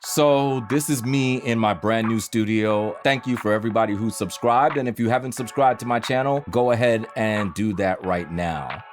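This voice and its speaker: Man, New York accent, fairly low voice, emphatic opinion rant, faint music underneath. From New York, USA. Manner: emphatic, animated in bursts, conversational. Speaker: voiceover artist and YouTuber. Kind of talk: direct-to-camera opinion rant. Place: his home recording studio.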